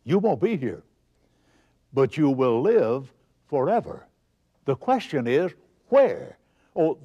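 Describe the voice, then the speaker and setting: Emphatic male preacher, lively pitch. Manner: emphatic, rhetorical questions and answers. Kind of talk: broadcast sermon.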